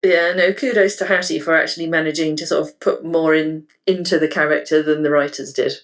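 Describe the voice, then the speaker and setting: A woman's voice: deep voice, fairly even intonation, a little fast. A woman co-hosting a casual podcast discussion, chatty and enthusiastic with frequent filler words. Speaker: podcast co-host.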